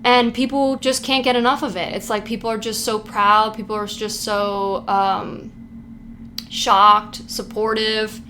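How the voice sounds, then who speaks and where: A fairly high-voiced woman doing a laid-back tarot reading for her viewers. She talks in an excited, hype-you-up rush, cursing freely and leaning on "like" constantly. A faint hiss of room noise sits under her voice. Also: measured pace. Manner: hyped, profane, heavy use of "like". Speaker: tarot reader. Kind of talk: casual pick-a-card tarot reading.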